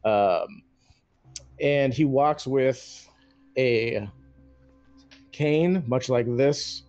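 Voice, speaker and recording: A man's voice: medium pitch, extremely slow, darkish tone, no echo. A man playing a tabletop game, chatting casually and rambling hesitantly. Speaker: player. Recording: dull lo-fi sound with faint music.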